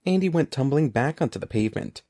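A man narrating a children's storybook aloud in an expressive, animated way. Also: mid-range voice, quick pace. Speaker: audiobook narrator.

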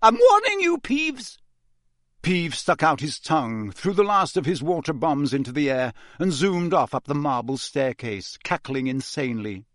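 A man's voice: mid-range voice, no room sound, studio quality. Man reading a storybook aloud. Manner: measured, even storytelling delivery. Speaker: audiobook narrator. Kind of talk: scripted storybook narration.

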